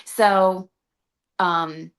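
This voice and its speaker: A woman interviewer thinks aloud in a casual, hesitant way as she reflects on what her guest has said. Her voice is somewhat low for a woman. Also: fairly even intonation, very slow, clear, resonant tone. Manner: reflective, hesitant, with many fillers and restarts.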